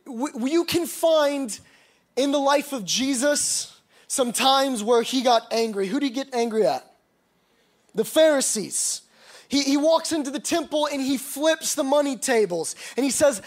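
High-voiced male preacher. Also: a little slow. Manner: reads scripture aloud, then preaches with emphatic, rising passages. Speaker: pastor. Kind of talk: sermon.

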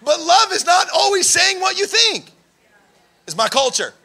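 A young man preaching a sermon, telling stories in an animated way and raising his voice for emphasis. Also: extremely high pitch, measured pace, vocal fry. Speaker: pastor.

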